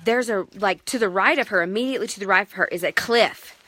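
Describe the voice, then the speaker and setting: A woman and mother telling a family story to the camera in a casual, animated, self-mocking way. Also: medium pitch, fast talker, dry recording.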